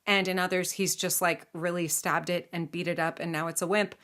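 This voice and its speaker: A woman's voice: lowish voice, steady tone, fairly quick, fairly bright tone. A woman from the United States, casually telling a legend to a child, chatty and playful with asides. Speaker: storyteller.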